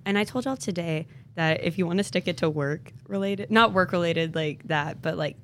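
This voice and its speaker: A woman's voice: lowish voice, moderate pace, fairly bright tone, slight background noise. A young woman hosting her podcast, chatting casually with coworkers in a giggly, rambling way. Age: young adult. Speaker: podcast host.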